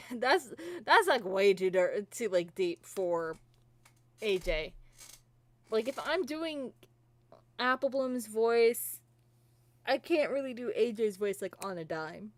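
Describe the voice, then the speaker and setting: A woman's voice: mid-range voice, big pitch swings, slow pace. A woman streamer chatting casually between comic panels, with giggly, rambling asides. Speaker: streamer reading a fan comic. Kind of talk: casual live-stream chat.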